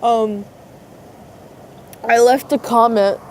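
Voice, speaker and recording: Speaking very slowly in a slightly high voice with fairly even intonation, this woman vlogs into her phone outdoors beside a road as dusk falls. Crying has left her nose stuffy, so her casual talk to camera comes out hesitant and rambling over faint traffic noise.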